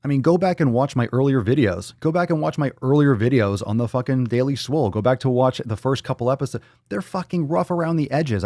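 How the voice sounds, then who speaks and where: A man's voice: medium pitch, a little mellow, dry recording, studio quality. A man hosting a casual livestream podcast, talking loosely and swearing freely while reading chat comments aloud. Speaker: podcast host. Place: indoors at home.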